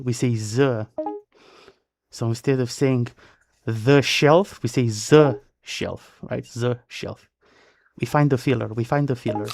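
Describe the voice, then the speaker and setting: A man from Romania with a Romanian accent, chatting playfully with viewers as a live game streamer, punning and repeating his phrases. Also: mid-range voice. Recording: noisy stream audio with clicks.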